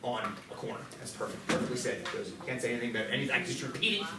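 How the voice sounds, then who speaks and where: A man teaching a math class, lively and joking, with quick asides to his students. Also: medium pitch. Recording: roomy classroom, mic at a distance, background noise.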